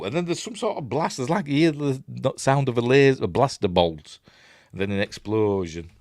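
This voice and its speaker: A man's voice: medium pitch, lively intonation, moderate pace, a little mellow, dry recording. A man with a Yorkshire accent hosting a casual film commentary, rambling through chatty asides and rhetorical questions. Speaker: film reviewer, channel host.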